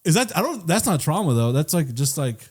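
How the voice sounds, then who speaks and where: A man's voice: a little high, brisk, slightly rough. A young man co-hosting a comedy podcast, chatting casually and acting out bits with lots of swearing. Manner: animated storytelling, acts out bits with swearing. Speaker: podcast co-host. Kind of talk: casual chat.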